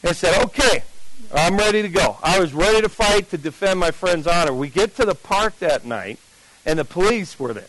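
A man's voice: sits high, expressive, moderate pace, fairly bright tone, dry recording, poor audio. An older man, telling his life story as a testimony and acting out the voices of the people in it. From New Jersey.

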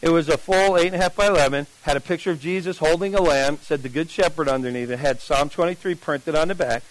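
A man with a high voice tells a personal testimony to a live audience, chatting loosely with fillers and restarts. He acts out each exchange, jumping up and down in pitch as the story builds. The sound is dry and close. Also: quick pace, dry recording, rough recording. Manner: animated, acts out dialogue with pitch swings. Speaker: speaker giving a testimony to an audience.

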